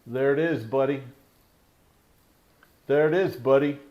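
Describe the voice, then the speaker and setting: A man's voice: mid-range voice, a little slow, muffled recording. Loose, profane man unboxing on camera. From Pennsylvania. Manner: loose and profane, rambling asides; scolds his pet mid-talk. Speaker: tattoo channel host. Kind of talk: casual unboxing vlog.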